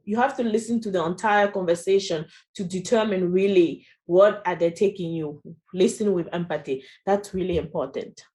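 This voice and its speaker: A woman's voice: medium pitch, dark tone. Woman with a French accent presenting. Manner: conversational, frequent "you know" and "right?". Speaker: workshop presenter. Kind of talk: presenting a training session.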